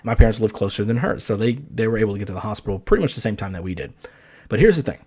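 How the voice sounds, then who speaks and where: A young man hosting a podcast, telling a story in a casual, animated way and acting out the quoted lines with big jumps in his voice. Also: on the low side, very fast, slightly rough. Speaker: podcast host.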